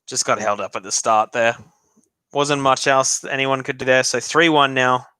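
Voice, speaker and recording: Joking Australian man with a bright voice. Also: mid-range voice, moderate pace, smooth, no room sound. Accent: refined Australian, leaning British. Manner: chatty and joking, laughs often. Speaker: live stream host. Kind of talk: casual hockey reaction commentary.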